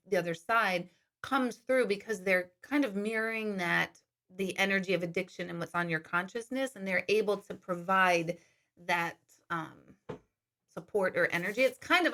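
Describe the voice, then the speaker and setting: A woman who works as an intuitive medium chats casually on a live stream, reading viewers' questions aloud and laughing often. Her voice is medium in pitch and a bit bright.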